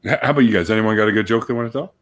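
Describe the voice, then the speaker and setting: A man's voice: lowish voice, very fast. A man hosting a livestream, chatting casually and telling jokes with lots of laughter. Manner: animated joke-telling with laughter. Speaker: livestream host. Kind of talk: casual chat.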